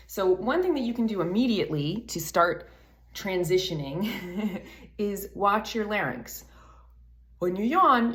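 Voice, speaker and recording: A woman's voice: lowish voice, echoey room. A woman vocal coach explaining singing technique in a chatty way, her voice still froggy from the morning. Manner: explanatory, chatty, laughs between points. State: froggy morning voice, not warmed up. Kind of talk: singing lesson.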